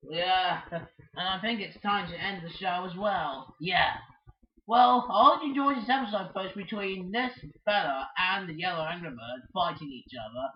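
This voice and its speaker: Giggly, rambling fan-show host. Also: male voice, high voice, normal speed. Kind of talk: playful improvised puppet play. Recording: roomy, distant, dull lo-fi home recording.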